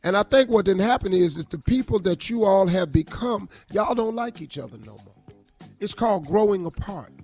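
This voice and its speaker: Emphatic high-voiced male radio host. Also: animated, normal speed, darkish tone, breathy edge, no echo, soft background music. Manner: emphatic, blunt advice. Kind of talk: radio morning show talk.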